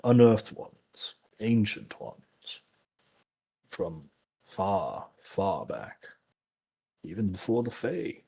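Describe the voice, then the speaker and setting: A man playing a short, guarded ogre in a tabletop game. He speaks softly with a husky voice. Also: lowish voice, sing-song, extremely slow, pauses often, full character voice. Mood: wry.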